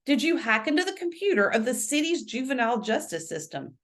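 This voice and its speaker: A woman putting on a chipper British gentleman. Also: high-pitched, very animated, brisk, pitched above the performer's own voice. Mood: polite. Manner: polite, cheerful. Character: polite upbeat British male lawyer.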